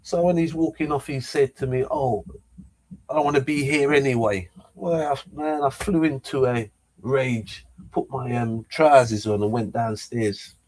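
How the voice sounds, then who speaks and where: A middle-aged man vlogging, telling a story in an animated way, stammering and repeating words as he acts out what was said. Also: mid-range voice, moderate pace.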